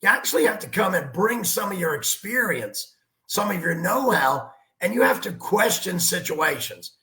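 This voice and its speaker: A man's voice: high-pitched, moderate pace, reverberant. A man, a basketball coach, telling stories and giving emphatic sports analysis on a talk show. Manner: animated storyteller, emphatic.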